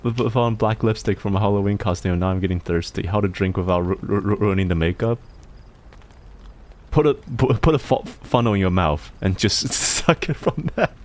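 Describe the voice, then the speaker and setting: Excitable, stammering man streamer, lively pitch. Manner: excitable, swears a lot, stammers and repeats words. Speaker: streamer reading viewer submissions. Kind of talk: casual live-stream chat.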